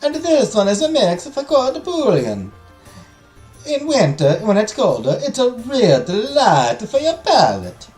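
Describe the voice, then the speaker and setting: A man voicing a cheerful, pushy spice and tea merchant with a put-on Italian accent and high, drawn-out sales patter. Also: huge pitch swings, warm tone. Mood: eager. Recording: echoey room, faint music.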